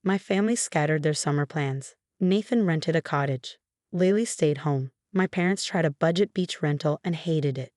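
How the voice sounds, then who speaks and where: A woman in her thirties reading a first-person family story aloud, voicing every part in the same steady, even way. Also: sits low, normal speed, no echo, studio quality. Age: 30s. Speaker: narrator. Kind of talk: scripted story narration.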